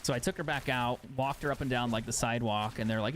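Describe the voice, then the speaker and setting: A man's voice: mid-range voice, fast talker, hardly any pauses, a bit bright, a little hiss or hum. A young man streaming a game live, chatting casually and sarcastically, swearing freely. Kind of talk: casual chat while gaming live.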